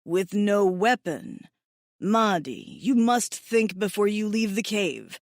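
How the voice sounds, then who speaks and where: A woman's voice: mid-range voice, lively intonation, slow pace, darkish tone, dry recording, studio quality. A woman voicing a big, stern, protective male alien warrior who speaks in terse, formal sentences without contractions. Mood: stern concern.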